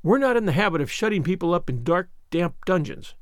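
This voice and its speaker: A man's voice: sits high, sing-song, a little fast, no room sound. A man voicing a stern, dry-spoken middle-aged spinster woman.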